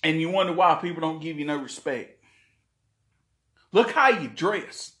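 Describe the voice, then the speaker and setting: High-voiced man ranting. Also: expressive, unhurried, pushed and bright, echoey room, slight background noise. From South Carolina, US. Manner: heated, profane, rambling with restarts. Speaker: podcast host. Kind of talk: ranting monologue.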